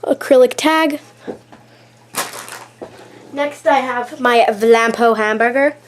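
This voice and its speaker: A high, bright-pitched woman talks through a casual show-and-tell vlog. She is chatty and gushing, leaning on "like" and repeating "really, really." She films on a handheld camera that shakes at times. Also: takes it slowly, slight background noise. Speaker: YouTube vlogger showing her collection. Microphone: handheld camera, shaking at times.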